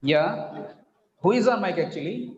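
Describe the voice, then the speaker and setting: A man teaching an online phonetics class, patiently repeating words slowly to model stress. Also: sits high, animated. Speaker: English teacher. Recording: echoey, dull online call audio.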